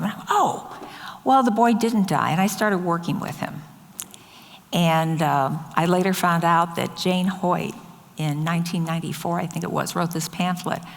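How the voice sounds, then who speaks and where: An older woman, a nurse, telling true stories from her work in a casual, anecdotal way, quoting people as she goes. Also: lowish voice. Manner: anecdotal, quotes others in lively voices. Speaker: nurse and speaker. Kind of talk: storytelling talk. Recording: long hall reverb.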